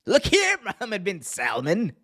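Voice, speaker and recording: A man putting on the voice of a pompous, hammy male wrestler, booming theatrical taunts. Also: huge pitch swings, measured pace, vocal fry, fairly bright tone, exaggerated voice.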